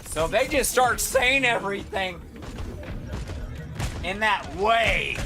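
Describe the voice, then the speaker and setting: Brief: unhurried, foul-mouthed streamer ranting from a home setup, game music pounding loudly underneath. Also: medium pitch, very animated. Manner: profane, rambling, acts out quotes in shouts. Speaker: live streamer. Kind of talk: casual rant to stream chat.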